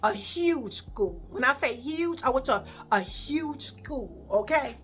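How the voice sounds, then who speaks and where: A woman with a Chicago accent tells a story to her viewers, animated and profane, calling them y'all. Her voice is high and bright. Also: measured pace, slight background noise. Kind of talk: casual storytime vlog.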